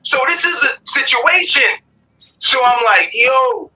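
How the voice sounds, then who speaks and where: A man hosts a live call-in stream and tells a personal story at length. His voice sits high and cuts through, bright and edgy. He swears freely and slips into each person's voice as he quotes them. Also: measured pace, a little hiss or hum, poor audio. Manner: animated storytelling, acting out quoted people, swearing, slang. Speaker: show host.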